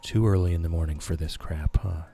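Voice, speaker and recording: Soft-spoken deep-voiced man streaming a game. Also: fairly even intonation. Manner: soft-spoken, slow and soothing. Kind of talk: calm gameplay commentary for sleep. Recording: background music.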